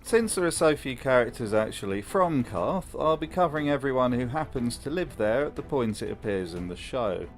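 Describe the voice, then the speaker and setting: A man's voice: medium pitch, lively intonation, normal speed, few pauses, faint music behind. A man hosting a comedic video essay, narrating with dry, mocking commentary.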